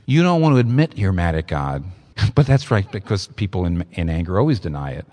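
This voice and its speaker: Lively man preaching in a reverberant hall. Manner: lively, emphatic preaching with sudden pitch leaps. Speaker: pastor. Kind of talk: sermon.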